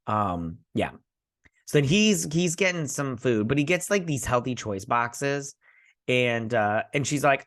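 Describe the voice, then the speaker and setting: A man's voice: mid-range voice, lively intonation, a little fast, fairly bright tone. Rambling man recapping a TV episode. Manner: rambling, many fillers, acts out characters' lines. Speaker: host reviewing a TV episode.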